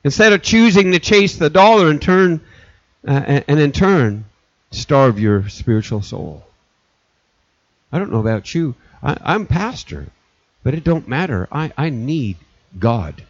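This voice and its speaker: Middle-aged man, pastor, earnest sermon delivery, fairly high voice, dry muffled lo-fi recording. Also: animated, unhurried, dry recording. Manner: earnest preaching with repeated phrases and restarts. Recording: dull lo-fi recording.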